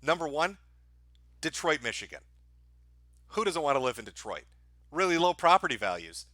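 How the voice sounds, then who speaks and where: Male stream host, dry mock-praise sarcasm, swears, lively sing-song delivery, slightly high voice. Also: normal speed, no room sound. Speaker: livestream host. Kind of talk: sarcastic live-stream commentary. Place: home, dogs barking nearby.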